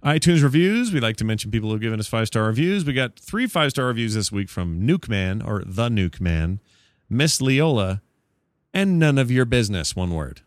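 A man's voice: mid-range voice, sing-song, normal speed, dry recording. A man hosting a casual podcast, joking and rambling, sometimes correcting himself. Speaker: podcast host.

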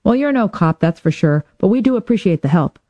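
A woman voicing a brisk, wisecracking female police detective friend, in a dull, dry lo-fi audiobook recording. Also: mid-range voice, lively intonation, dark tone, dry recording, pitched above the performer's own voice, lightly acted. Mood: teasing. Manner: wisecracking, quick.

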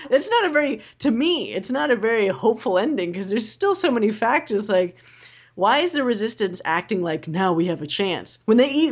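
A young woman chatting casually as a podcast co-host, rambling and animated and swearing freely. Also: medium pitch, breathy edge. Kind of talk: casual chat.

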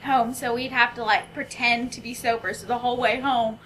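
A young woman talks casually with an old friend. Her voice is high and bright. She laughs often and jumps in to finish his stories. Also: flat delivery, a little fast, a little hiss or hum, rough recording. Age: 20s. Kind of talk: casual chat.

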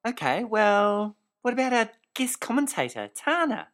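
A fussy, giddy female co-commentator whose pitch leaps all over the place. She is prim and keen on rules, and quick to giggle. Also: big pitch swings. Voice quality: fussy, rule-minded, giggly.

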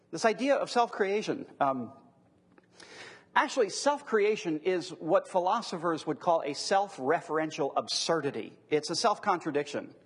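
A man teaching to a live audience in a conversational lecture, repeating key phrases and drawing them out slowly. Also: a little high, animated, husky. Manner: conversational, emphatic repetition, drawn-out key phrases. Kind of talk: classroom lecture on apologetics.

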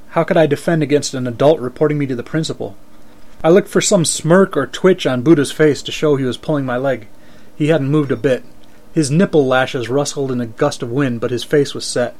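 A man reading first-person fiction aloud in a steady, dry storytelling manner. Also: medium pitch.

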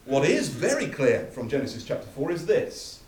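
A man's voice: fairly high pitch, huge pitch swings, moderate pace, a little mellow. A man preaching a sermon, emphatic and building through repeated phrases, recorded from a distance in a church hall. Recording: echoey hall from far off.

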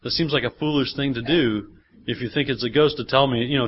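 A man preaching a sermon in a church, at a medium pitch. His delivery swings between a soft, low teaching voice and loud, high exclaiming. The recording is dull and lo-fi. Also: quick pace, breathy edge. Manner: animated preaching, acting out voices of the people in the reading. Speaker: pastor.

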